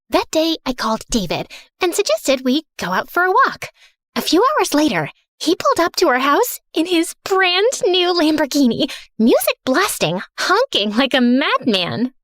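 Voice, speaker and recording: A young woman narrating her own animated story in first person, sassy, dramatic and sarcastic. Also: sits high, moderate pace, no room sound, studio quality. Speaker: narrator and heroine.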